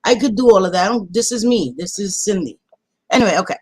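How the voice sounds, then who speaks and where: A woman hosting a casual livestream, greeting viewers warmly by pet names and swearing freely in animated chat. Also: medium pitch, fast, slightly rough. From Latina. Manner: animated, swearing, affectionate nicknames. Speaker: livestream host.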